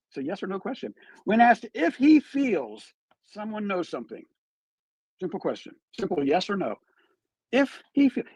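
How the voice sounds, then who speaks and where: A man talks through true crime on a live stream, emphatic and piling on rhetorical questions. His voice sits high and swings widely in pitch, with a slightly husky edge. The sound is dry, with little room echo. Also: a little mellow. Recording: played back from a live stream.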